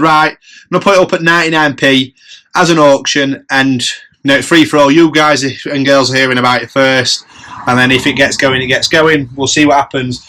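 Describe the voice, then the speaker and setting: A man's voice: mid-range voice, bright, forceful tone. A man, chatting casually on his vlog and running upbeat tallies of prices and profit. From England. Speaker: reseller vlogger. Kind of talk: casual chat.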